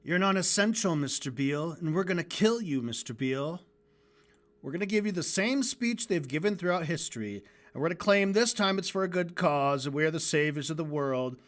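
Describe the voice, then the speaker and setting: A man voicing a deluded male villain who speaks in a slow, low, threatening register and keeps repeating himself for an animation. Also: lively intonation, lightly acted. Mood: menacing.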